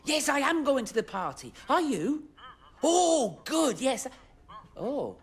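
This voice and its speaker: Acting in a children's TV show, a man plays a cheerful, fussy engine driver and chats to viewers with exaggerated expression. His very high, sing-song voice is slightly rough and unhurried, pushed into an exaggerated delivery.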